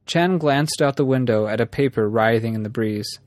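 A man narrating a story in an even, measured reading. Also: mid-range voice, no room sound, soft background music. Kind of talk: audiobook narration.

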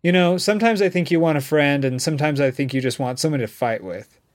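A man's voice: on the high side, fast talker, lightly acted. A man voicing a teasing, needy male friend. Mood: reproachful. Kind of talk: audiobook dialogue.

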